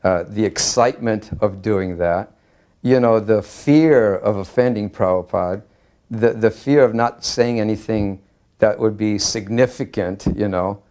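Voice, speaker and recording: An older man with a somewhat low voice recalls a personal memory in an interview. He talks earnestly but haltingly, breaking his sentences with frequent fillers. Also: darkish tone. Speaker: devotee sharing memories. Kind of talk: reminiscing interview.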